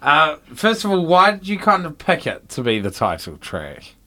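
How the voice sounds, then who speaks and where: Man, radio host, bright voice, casual interview, hesitant with ums. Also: a little high, wildly swooping pitch, moderate pace. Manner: hesitant, frequent ums and restarts.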